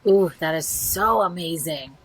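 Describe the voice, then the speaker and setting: A woman hosting an interview, enthusiastic and quick to laugh. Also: on the low side, a little hiss or hum, low-quality recording. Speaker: interview host. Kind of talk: casual interview chat.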